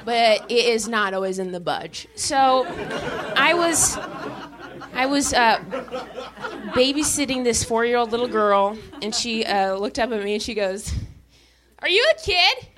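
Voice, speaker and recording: A young woman doing a stand-up set on a club stage, talking in a deadpan, halting way with many restarts. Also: fairly high pitch, crowd noise, noisy background. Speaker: stand-up comedian.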